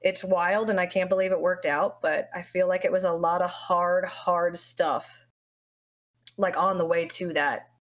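A woman's voice: fairly low pitch, steady tone, measured pace. A young woman, a streamer, talking candidly and with feeling in an interview, often restarting her sentences. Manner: candid, heartfelt, rambling with many restarts. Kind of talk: emotional interview talk.

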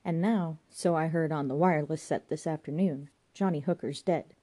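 A woman's voice: low-pitched, moderate pace, mellow. A woman voicing a rambling, self-important male pub landlord with a banged head. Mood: chatty.

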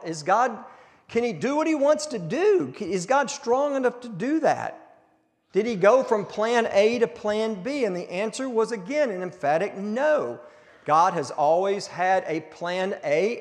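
High-voiced man preaching in a reverberant hall. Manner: conversational, repeats words when restarting, slows for emphasis. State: coughing now and then. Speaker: pastor. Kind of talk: sermon.

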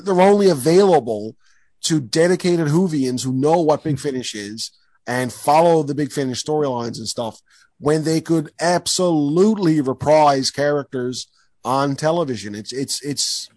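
A man's voice: fairly high pitch, normal speed, darkish tone, dry recording. A man hosting a podcast in casual chat, enthusiastic and rambling with lots of fillers. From Canada. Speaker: podcast host.

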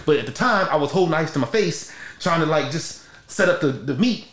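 A man's voice: on the high side, fast talker, a bit bright, roomy sound. A young man hosting a show, talking in a loose, slangy, rambling way with many restarts. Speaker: podcast host. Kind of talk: casual heartfelt conversation.

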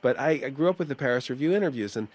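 A man's voice: mid-range voice, lively intonation, rapid-fire. A man interviewing on a commentary track, asking a long-winded, self-conscious question. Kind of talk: casual interview.

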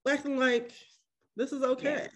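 A woman co-hosting a podcast, chatting casually with animated, slangy talk and frequent laughter. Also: high voice, normal speed. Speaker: podcast co-host. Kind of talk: casual chat.

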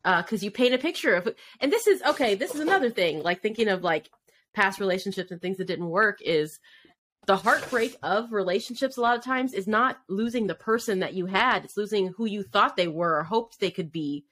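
A woman's voice: mid-range voice, lively intonation, fairly quick, fairly bright tone, slight background noise. A woman co-hosting a casual podcast chat, reflective, asking probing questions and laughing easily. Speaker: podcast co-host.

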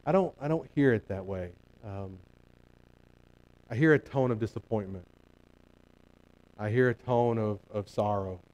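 A man's voice: fairly low pitch, unhurried, pauses often, a little mellow, rough recording. A male pastor preaching a sermon earnestly, building emphasis through repeated phrases and frequent restarts.

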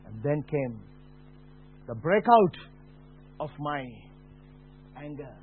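A man preaching a personal testimony, dropping to a hush and then rising to a shout. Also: fairly high pitch, sing-song, a little hiss or hum. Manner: slow, dramatic, swings from hushed to shouting. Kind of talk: testimony sermon. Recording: tinny phone-like sound.

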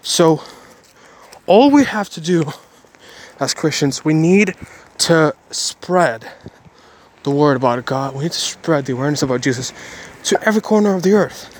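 Man, casual daily vlogger, earnest and rambling, voice a bit high. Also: expressive, moderate pace. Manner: rambling, self-correcting, earnest. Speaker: Christian vlogger.

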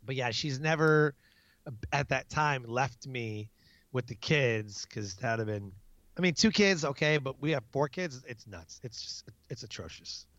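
A man's voice: mid-range voice, animated, a little slow, fairly bright tone, no room sound, dull audio. A man in his thirties, a military NCO, telling stories about family life in a casual interview, laughing and acting out his own outbursts. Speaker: guest; military non-commissioned officer.

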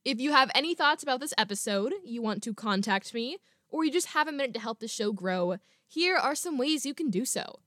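A woman podcast host with a fairly high voice talks in an excitable, playfully self-mocking way. She also reads a short piece aloud in the same voice. The recording is dry and close, with no room sound. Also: brisk, no room sound. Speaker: student. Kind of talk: chatty podcast talk with a story reading.

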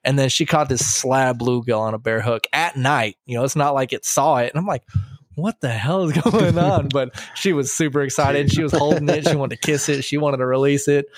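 Man, thirties, podcast host, casual chat, animated storyteller, middle pitch, dry close recording. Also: a little fast, few pauses, no room sound. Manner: animated storyteller, quotes himself and friends.

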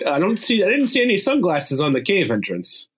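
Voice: mid-range voice, wildly swooping pitch, brisk, husky. A tabletop player speaking in character, hesitant and offhand.

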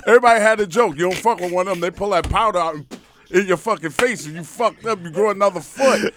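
A man's voice: high-pitched, quick pace, a bit bright, slight background noise. A man from New York hosting a podcast, talking in an emphatic, profane and heartfelt way. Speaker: podcast host. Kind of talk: casual interview chat.

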